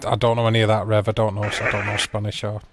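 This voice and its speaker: A man's voice: fairly low pitch, monotone, fast. A man hosting a livestream, chatting casually and rambling with viewers by name, with dry self-mocking humour. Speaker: livestream host. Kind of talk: casual chat with a live chat. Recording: loud background noise.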